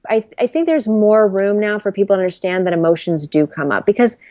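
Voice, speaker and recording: Speaking fairly quickly in a mid-range voice with no room sound, this woman is a thirty-something career strategist. As a guest in a casual interview, she talks candidly and animatedly, acting out quotes as she tells stories.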